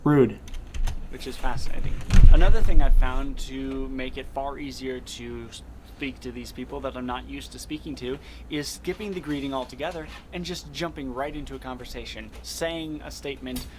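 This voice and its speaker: A man's voice: mid-range voice, moderate pace. A man from the Midwest talking in a casual, rambling vlog monologue, earnest and often laughing at himself. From American Midwest. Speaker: vlogger. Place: moving around a home, partly from the kitchen. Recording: background noise with vehicle ambience.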